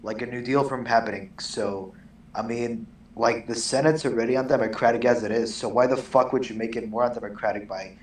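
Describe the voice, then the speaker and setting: A man's voice: medium pitch, fairly even intonation, a little fast. A man co-hosting a casual podcast, talking hesitantly with lots of fillers and the odd swear word. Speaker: co-host. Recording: echoey distant mic with faint background noise.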